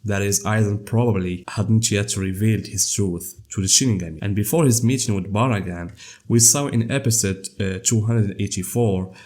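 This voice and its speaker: A man with a cold and a scratchy voice, hosting an anime lore channel in a measured, scripted explainer narration. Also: on the low side, darkish tone.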